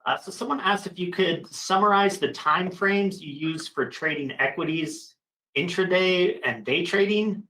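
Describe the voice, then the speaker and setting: A man's voice: high voice, unhurried, pushed and bright, rough recording. A man moderating an online webinar, reading out questions in an upbeat way with hesitant fillers.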